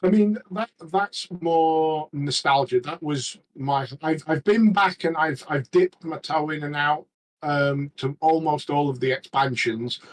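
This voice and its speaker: A man chatting casually as a regular on a podcast, rambling and halting with many restarts. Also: a little high, poor audio. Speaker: regular panelist.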